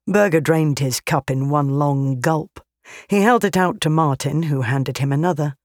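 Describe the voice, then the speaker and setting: Slow, deliberate fantasy narrator. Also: medium pitch, no room sound, studio quality. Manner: slow, deliberate, even reading. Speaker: audiobook narrator.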